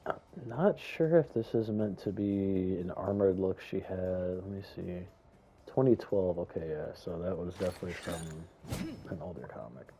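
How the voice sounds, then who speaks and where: Casting: young male gaming commentator, deep dark tone, chatty and rambling, faint hum behind. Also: moderate pace. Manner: rambling, chatty, excited with fillers and stutters. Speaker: gaming YouTuber. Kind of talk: casual gameplay commentary.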